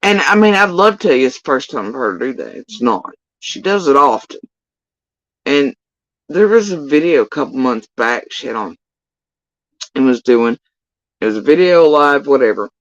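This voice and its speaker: Woman, livestream host, sarcastic, profane, ranting, lively pitch swings, dry slightly dull sound. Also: moderate pace, dry recording. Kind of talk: casual reaction commentary.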